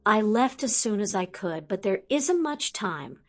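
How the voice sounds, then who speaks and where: A woman voicing a frightened young wizard, hushed and breathless. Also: medium pitch, very animated, a little slow. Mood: hushed urgent. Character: frightened young wizard boyfriend, urgent and pleading. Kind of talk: audiobook character voice.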